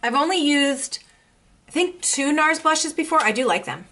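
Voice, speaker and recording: A woman's voice: high-pitched, moderate pace. Young woman unboxing makeup, super gushy, voice bouncing all over. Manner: gushing, excitable. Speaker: beauty vlogger. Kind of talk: casual unboxing chat.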